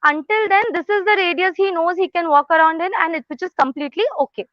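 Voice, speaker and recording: A woman's voice: very high voice, fast, dry recording, muffled recording. A young adult woman from India, a dog trainer explaining a live training demo in a chatty way, checking in with "huh?" and "right?".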